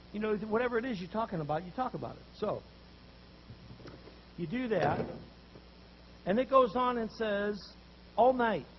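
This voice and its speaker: A man preaching a sermon, telling a story with animated voices for the people in it. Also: high voice, highs cut off, a little hiss or hum. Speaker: pastor.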